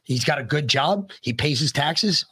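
A man's voice: on the high side, animated, normal speed, bright, forceful tone, husky, no room sound. A man in casual podcast chat as the guest, joking and brash with plenty of profanity.

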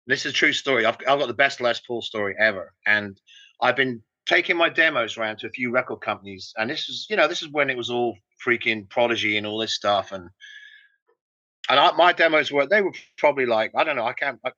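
A middle-aged man talks quickly and tells rambling, animated stories full of restarts. His voice is bright and forceful. The recording is dull and dry. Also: mid-range voice, no echo. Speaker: musician guest. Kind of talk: casual interview storytelling.

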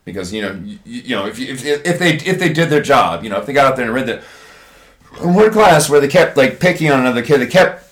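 Casual podcast co-host, man, profane and animated, English teacher telling classroom stories. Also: medium pitch, quick pace. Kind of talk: casual chat.

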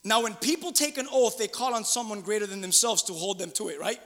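Middle-aged man, pastor, sermon; high, bright voice, animated, loud bursts and hushed asides, echoing church hall. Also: a little fast. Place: church sanctuary.

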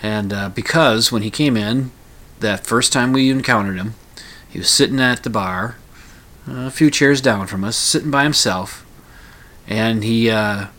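A man's voice: on the low side, a little slow, a bit bright. A middle-aged man rambling through a casual personal monologue, full of fillers, restarts and dry humor.

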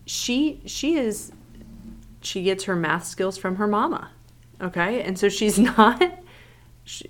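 A woman in her thirties co-hosting a podcast, telling stories in a chatty, animated way. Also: lowish voice. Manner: chatty, animated storytelling with laughs. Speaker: podcast co-host. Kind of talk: casual chat.

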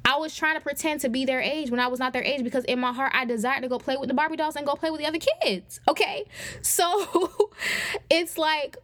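A young woman talks her listeners through a faith lesson in a relaxed, conversational preaching style, often calling them "y'all." Her voice sits a little high. The recording is close and dry, with no room sound. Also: a little fast, no echo. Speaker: podcast host. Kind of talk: faith-based teaching talk.

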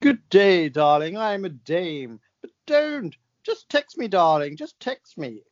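A podcast host putting on a posh elderly woman, a grand dame, with a slow, affected drawl, as a celebrity impression. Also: mid-range voice, sing-song, no echo, pitched above the performer's own voice. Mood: haughty. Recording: dull muffled sound.

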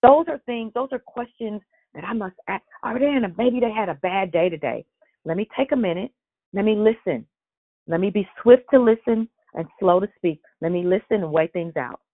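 A woman leads a church prayer call line by phone, encouraging listeners in a warm, preacherly, sermon-like rhythm. Her voice sits on the low side, with no echo, though the line sounds tinny.

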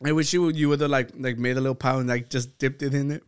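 Stammering, laughing podcast host. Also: male voice, mid-range voice, fairly even intonation, very fast, clear, resonant tone. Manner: rambling, stammering, laughs often. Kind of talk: casual chat.

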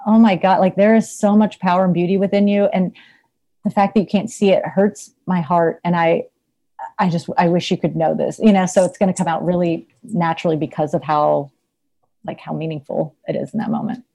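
Low mellow woman therapist, chatty, laughs a lot, lots of "like" and "you know". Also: steady tone, brisk, creaky. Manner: chatty, laughs often, many fillers. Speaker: therapist, podcast guest. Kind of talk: casual conversational interview.

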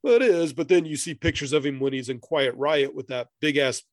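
Chatty man, slightly high voice, dry sound. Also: a little fast, no echo. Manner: rambling, reads passages aloud, laughs often. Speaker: podcast co-host. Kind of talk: casual chat.

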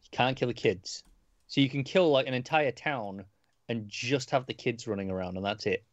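A man co-hosting a casual podcast chat, talking in a relaxed way with stumbling restarts. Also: medium pitch, normal speed, no echo, muffled recording. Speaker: podcast co-host.

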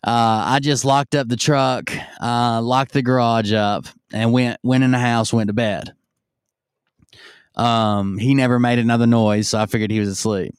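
A man's voice: medium pitch, fairly even intonation, moderate pace, clear, resonant tone, dry recording, clean studio sound. A man casually telling a long, profane story on stream, rambling and acting out the lines of the people in it. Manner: rambling and profane, acts out yelled quotes.

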